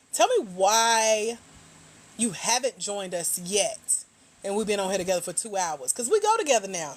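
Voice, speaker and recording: A middle-aged woman, a grant coach, hosts a relaxed livestream while walking around her home. Her medium-pitched voice carries a teasing, slangy tone as she chats with viewers, though she sounds a little tired and low on energy.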